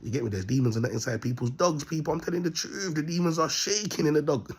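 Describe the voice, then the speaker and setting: A man's voice: medium pitch, fairly bright tone, husky. A man talking to camera in a rambling, repetitive monologue, laughing at his own points and checking in with his listeners again and again. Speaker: self-styled prophet vlogger.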